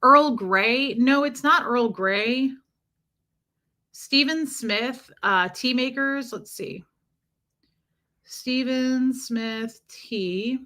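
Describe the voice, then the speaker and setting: A woman's voice: high-pitched, slow, pushed and bright. A woman hosting a casual livestream, chatting and answering viewers' comments by name. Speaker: livestream host. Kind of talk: casual live-stream chat.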